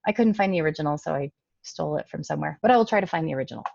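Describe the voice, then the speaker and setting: A woman's voice: low-pitched, animated, very fast, vocal fry, a little mellow, no room sound, lo-fi sound. A woman giving a casual, emphatic talk to parents over a computer mic. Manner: conversational, emphatic. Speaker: presenter speaking to parents.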